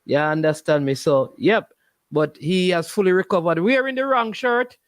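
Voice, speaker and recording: A man's voice: high-pitched, moderate pace, no room sound. A man with a Jamaican accent hosting a sports talk show, chatty and repeating himself with "you understand me".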